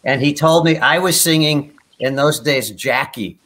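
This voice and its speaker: A fairly high, slightly slow, somewhat bright voice belongs to an older man appearing as a guest performer on a video call, with slight background noise. His anecdotal storytelling wanders, restarts frequently, and draws laughter from himself.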